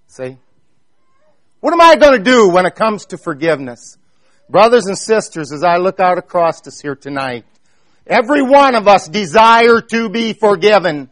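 A man with a high voice and an Amish accent preaches to his congregation. He tells his story earnestly and speaks to them directly. The recording is dry and close, with almost no room sound. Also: dry recording. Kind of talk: sermon.

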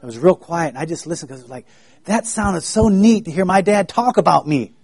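Gentle man preaching to children. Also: high voice, lively intonation, a little fast, gravelly, husky. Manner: gentle, folksy, asks children questions. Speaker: pastor giving a children's sermon. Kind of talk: children's sermon.

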